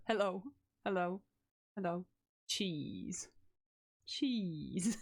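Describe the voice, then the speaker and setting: A woman's voice: fairly low pitch, animated. A woman streamer chatting casually during a reaction video, often breaking into giggles. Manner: giggly, quick to laugh.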